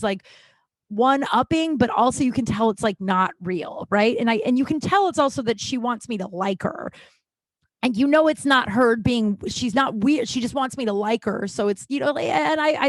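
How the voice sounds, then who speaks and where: A woman in her thirties talks through a personal story as a podcast host, chatty and rambling, stopping and restarting her sentences. Her voice sits at an ordinary pitch for a woman. It is recorded close and dry, with no room echo. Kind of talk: casual storytelling monologue.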